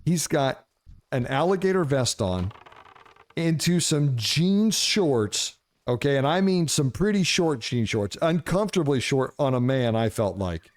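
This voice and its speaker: A man telling a wild story in a casual, animated, swearing style, often laughing. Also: medium pitch, a little slow.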